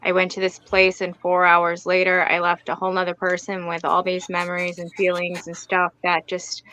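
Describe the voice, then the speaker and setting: A woman guest author talking in a soft, hesitant way on a casual livestream video call, often trailing off mid-thought. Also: on the low side, completely flat delivery, normal speed, no room sound, rough recording.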